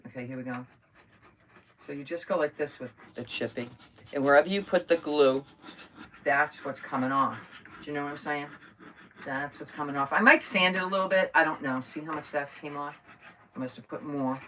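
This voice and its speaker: A woman's voice: sits low, moderate pace, long pauses, a bit bright. A woman chatting casually with her viewers while doing a craft project live, rambling and greeting people by name. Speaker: crafting livestream host. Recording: voice a bit far from the mic, faint noise.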